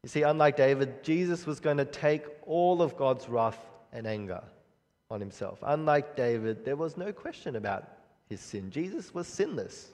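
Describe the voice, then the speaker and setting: A man delivers a sermon in an earnest, measured voice, stopping now and then to restart a phrase. His voice has a mid-range pitch. It carries a long reverb tail, as if spoken in a church hall. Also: darkish tone. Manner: earnest, measured preaching with frequent pauses and restarts. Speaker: preacher.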